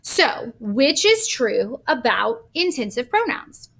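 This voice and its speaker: Gravelly-voiced woman teaching grammar. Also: fairly high pitch, very animated, slow pace, fairly bright tone. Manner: patient, explains step by step with examples. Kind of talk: recorded grammar lesson.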